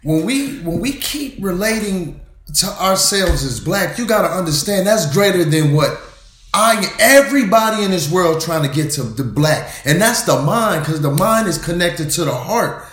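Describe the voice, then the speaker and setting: Casual male host with a slightly high voice who holds forth emphatically and swears freely; roomy echo. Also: lively intonation, normal speed, a bit bright. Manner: emphatic, preachy, peppered with profanity. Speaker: podcast host. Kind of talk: casual group discussion.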